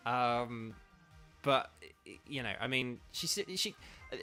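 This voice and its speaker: A man's voice: medium pitch, animated, slow, sharp tone, soft background music. A man streaming a video game, chatting casually and drifting between the game and his viewers' comments. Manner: chatty, digressive, reads chat aloud. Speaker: gaming streamer and voice actor.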